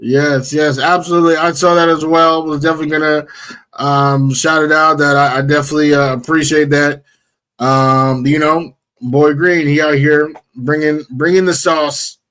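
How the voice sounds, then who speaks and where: Man, sports talk co-host, slightly high voice, laid-back, hype talk, many fillers. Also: flat delivery, normal speed, fairly bright tone, clean tone. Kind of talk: casual sports radio chat.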